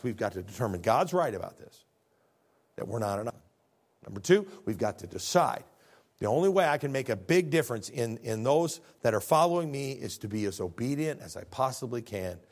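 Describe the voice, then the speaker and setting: A man preaching a sermon with earnest fervor, repeating words as he builds a point and swinging between quiet and loud passages. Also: mid-range voice. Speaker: pastor.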